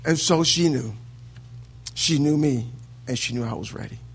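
Gravelly-voiced male preacher, sing-song cadence. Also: medium pitch, moderate pace. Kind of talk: sermon.

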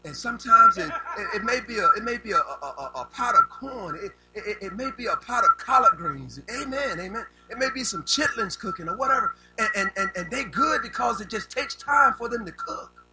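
A man's voice: high voice, expressive, fairly quick, loud music behind the voice, low-quality recording. An older man preaching a sermon in a folksy, down-home way, often repeating words as he builds a point. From rural United States.

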